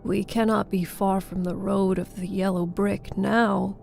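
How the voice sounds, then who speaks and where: Woman doing a calm scarecrow, low and soft, a bit distant, storybook. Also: a little slow, creaky, soft background music. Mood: musing. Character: thoughtful male straw scarecrow.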